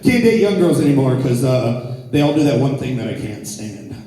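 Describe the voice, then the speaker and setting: Brash comic in a big echoey hall. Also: male voice, medium pitch, very animated, normal speed, far from the mic, noisy background. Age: 40s. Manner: brash, crude storytelling to a crowd. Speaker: stand-up comedian. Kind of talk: live stand-up set. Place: theater stage.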